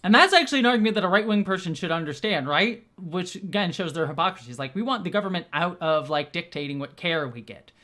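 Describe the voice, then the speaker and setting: A young adult woman, a host and director, rambles through casual commentary, saying "like" constantly and restarting her sentences. Her voice is fairly low and fairly bright, and she talks fast and animatedly with hardly a pause.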